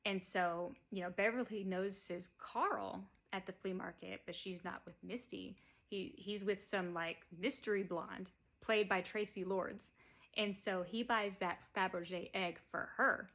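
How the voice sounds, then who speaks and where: A woman's voice: medium pitch, steady tone, measured pace, a bit bright. A woman reviewer casually recapping a film's plot, rambling with lots of fillers and chuckling now and then. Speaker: movie reviewer.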